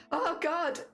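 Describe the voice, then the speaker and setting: A woman's voice: very high-pitched, fairly bright tone. A young woman streaming a charity fundraiser, talking earnestly and a little tearfully, often restarting her sentences. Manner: earnest, emotional, halting with restarts. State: teary. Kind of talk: casual charity livestream chat.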